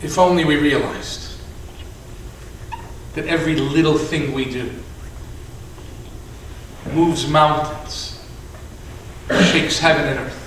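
A man rabbi telling a story in a sermon, acting out the characters and moving from shouts to hushed tones. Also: fairly high pitch, fairly even intonation, slow pace, long pauses, a little hiss or hum. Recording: echoey hall, from a distance.

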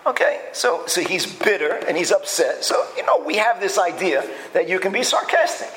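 A man's voice: sits high, sing-song, moderate pace, fairly bright tone, a little hiss or hum, low-quality recording. A man giving a lecture-style Torah class, emphatic and repeating phrases as he builds his point. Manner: acts out quoted speech in changed voices. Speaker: Torah teacher.

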